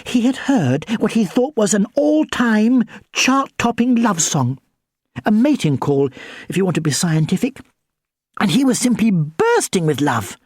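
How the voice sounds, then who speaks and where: A woman narrating a children's audiobook with expressive, lively storytelling. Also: mid-range voice, unhurried, husky, dry recording, clean studio sound.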